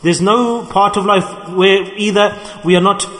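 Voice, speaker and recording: A man delivers a sermon, telling stories earnestly and drawing out key words as he repeats them. His voice sits on the high side for a man. Long reverb from the hall trails behind him. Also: unhurried, fairly bright tone. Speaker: preacher.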